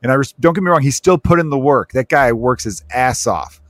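A man's voice: medium pitch, fairly quick, a bit bright, dry recording. Male podcast host, casual and joking, dry studio sound. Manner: rambling, joking, fond of asides.

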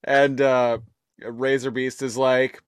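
A man's voice: medium pitch, flat delivery, slow, clear, resonant tone, no room sound, studio quality. A man co-hosting a podcast, chatting casually about a comic and chiming in with quips and swearing. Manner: laid-back, chimes in with quips and swearing. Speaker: podcast co-host. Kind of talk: casual comic recap chat.

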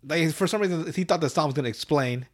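Profane, rambling, fairly high-voiced man. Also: fast. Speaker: podcast host. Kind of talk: casual episode recap.

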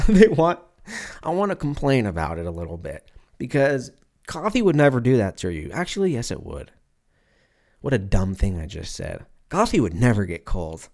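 A man's voice: mid-range voice, very animated, fairly quick, a little mellow. A man in his twenties hosting a solo podcast, rambling and profane, mocking himself and laughing often as he talks into a mic at his computer. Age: 20s. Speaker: podcast host. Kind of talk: casual solo podcast rant.

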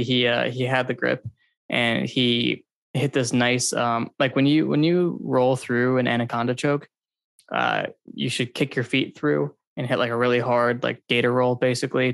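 Gravelly man rambling on a podcast. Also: mid-range voice, little pitch movement, normal speed, no echo. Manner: rambling, hedging, filler-heavy analysis. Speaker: podcast co-host. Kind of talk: casual podcast chat.

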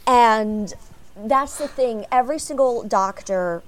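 An expressive American woman from Chicago speaks on a fan panel. Her voice sits a little high, and she tells her stories with plenty of animation to a live audience. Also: takes it slowly.

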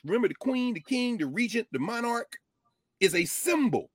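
A man giving an impassioned talk on history, reading passages aloud and swinging between loud drawn-out emphasis and low quiet asides. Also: big pitch swings, dry recording, clean studio sound. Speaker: lecturer on African history.

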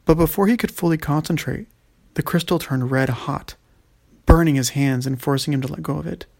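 Gravelly male storyteller. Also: a little high, a little fast, darkish tone. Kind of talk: scripted story narration.

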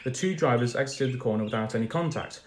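A young man co-hosting a podcast, chatting casually in a loud, animated way and bursting into mock outrage. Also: medium pitch, fast talker. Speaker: podcast co-host. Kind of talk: casual banter. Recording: echoey room, faint noise.

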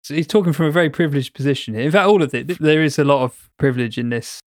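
A man's voice: a little high, racing, no echo, clean studio sound. Wry man bantering. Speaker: podcast co-host. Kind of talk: casual chat.

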